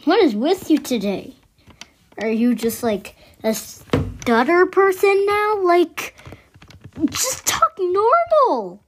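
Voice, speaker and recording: A woman's voice: big pitch swings, slow pace, a little hiss or hum, full character voice. A woman doing a pushy, impatient schoolboy. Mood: exasperated. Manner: high-pitched and exasperated.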